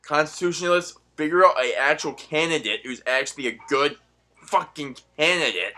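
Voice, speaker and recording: Profane ranting man, bright voice. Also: a little high, moderate pace. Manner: profane, sarcastic, swings between loud outbursts and muttering. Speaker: political commentary vlogger. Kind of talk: ranting monologue.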